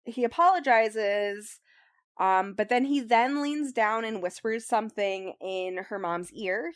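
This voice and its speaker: A young woman hosting a book club podcast casually recaps a novel, rambling and saying "like" and "um" a lot. Her voice is a little high and her pace measured. The sound is clean studio quality with no room sound.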